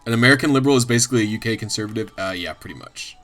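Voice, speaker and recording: A man's voice: on the low side, rapid-fire, fairly bright tone, faint music behind. A man streaming, chatting casually and ramblingly, swearing a lot and often laughing. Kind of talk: casual livestream chat.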